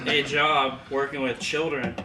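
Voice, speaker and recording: A man's voice: medium pitch, steady tone, a little slow. Casual young guy storyteller, laughs a lot, roomy distant mic sound with some hiss. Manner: laughing often while telling a story. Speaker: podcast co-host. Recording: echoey room, far mic, background noise.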